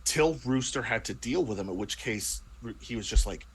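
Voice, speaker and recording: A man's voice: mid-range voice, animated, fairly quick, slightly rough, poor audio. A man chatting casually about the tabletop game he plays in, rambling and restarting his sentences often. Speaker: player in a tabletop role-playing show. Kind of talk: casual chat.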